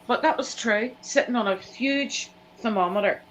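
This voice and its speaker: A woman's voice: on the high side, moderate pace, slight background noise, poor audio. A woman, telling family anecdotes in a casual live chat and acting out the people she quotes. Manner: animated anecdote teller, acts out quoted voices.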